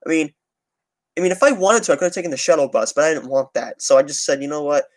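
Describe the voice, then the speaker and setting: Speaking quickly with lively intonation, this young transit-channel streamer has a slightly high voice captured in a dry recording. His casual livestream talk rambles, restarts often and is packed with swearing.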